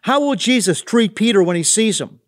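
A man's voice: high voice, animated, normal speed. A man delivering a scripted devotional reflection in an earnest, reflective preaching tone. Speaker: devotional host.

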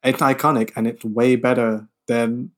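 A man's voice: medium pitch, flat delivery, normal speed. A man co-hosting a film podcast, chatting casually with blunt, sweary reactions. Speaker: podcast co-host. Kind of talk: casual chat.

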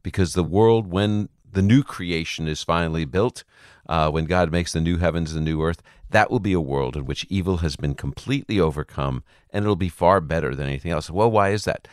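A man with a very deep, low voice, explaining his ideas thoughtfully as a radio guest. The sound is dry and close to the mic. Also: a little fast, clean tone, no echo. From United States. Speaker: Bible teacher guest. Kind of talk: radio interview.

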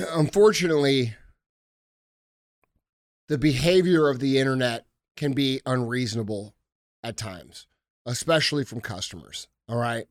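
A man's voice: mid-range voice, measured pace, long pauses, dry recording, studio quality. A man hosting a podcast in casual talk, ranting bluntly and heatedly with plenty of swearing. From United States. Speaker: podcast host.

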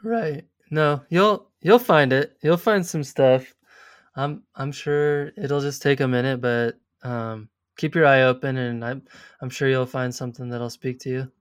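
A man hosting a podcast interview, easygoing and quick to laugh. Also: mid-range voice, smooth, dry recording, studio quality. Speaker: podcast host. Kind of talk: casual interview chat.

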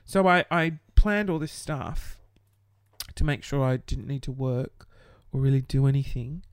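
A man, a small business owner, rants to camera in a casual vlog. He is exasperated and swears freely, with weary laughs breaking through his complaints. His voice sits at a middle pitch, recorded close and dry with no room sound. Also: fairly even intonation, a little slow, smooth, no echo.

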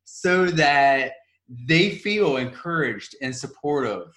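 A man's voice: on the high side, animated, slow pace, a bit bright. Man rambling through an earnest question. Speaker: podcast host. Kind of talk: casual conversation.

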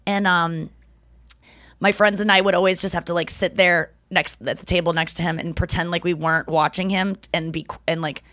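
Casual woman host, low dry voice. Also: fairly even intonation, fairly quick, fairly bright tone, no room sound. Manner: loose, swearing, storytelling with silly bird-voice impressions. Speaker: podcast host. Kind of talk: casual chat.

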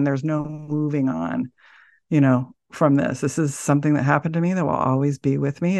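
A middle-aged woman speaking as a podcast guest, thoughtful and soft-spoken, often pausing to search for words. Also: rumbling low, steady tone, no echo. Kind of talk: reflective interview talk.

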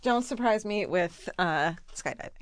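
A woman's voice: medium pitch, expressive, normal speed. A young woman co-hosting a casual podcast chat, blunt and opinionated, swearing freely. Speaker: podcast co-host.

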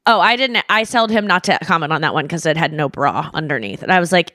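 A woman's voice: sits low, animated, fast talker, few pauses, sharp tone, no room sound. Young woman on a podcast telling a story, swears freely, acts out quotes, dry close mic. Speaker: podcast co-host. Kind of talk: casual storytelling chat.

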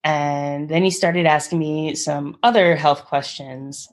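Woman, 30s, interview guest, low-pitched, animated, quotes people in voices. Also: takes it slowly. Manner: animated, acts out quotes, laughs often. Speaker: guest artist. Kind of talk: casual interview storytelling.

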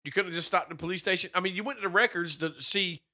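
A young man co-hosting a casual, profane movie-review chat, animated and swearing freely. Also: high-pitched, rapid-fire. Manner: animated, swearing, mimics characters in quotes. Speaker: podcast co-host.

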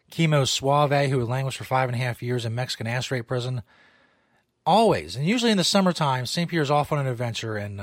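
A male comedy podcast host with a voice of ordinary pitch, who talks loosely and rambles, swears, and mocks himself. He records in a small studio, and the sound is close and dry with almost no room sound. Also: no room sound. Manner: loose, rambling, self-mocking. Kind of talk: casual, profane show banter.

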